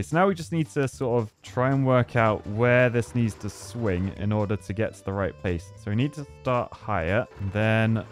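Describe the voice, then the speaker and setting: A man in his thirties hosting a gaming video, chatting playfully as he thinks aloud and bursts into excited yelps. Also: fairly low pitch. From Britain. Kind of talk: playful game commentary.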